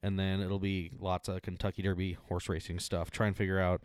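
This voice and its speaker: A man with a somewhat low voice co-hosts a relaxed podcast, rambling from thought to thought and often laughing or trailing off. The sound is close and dry, with no room echo. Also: fairly quick, smooth. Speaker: podcast co-host. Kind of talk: casual chat.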